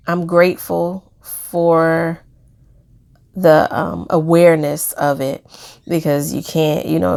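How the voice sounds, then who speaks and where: A woman's voice: deep voice, gravelly. A woman sharing a reflective personal video diary, hesitant, with many fillers and small laughs. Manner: soft-spoken, hesitant, many fillers, laughs while talking about pain. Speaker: vlogger.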